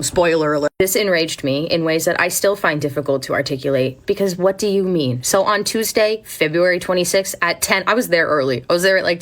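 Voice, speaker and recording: A woman in her twenties telling a story vlog-style, keeping her voice down at home at night while acting out quotes. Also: lowish voice. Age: 20s. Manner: keeps voice down since others are asleep; quick, animated retelling with acted quotes.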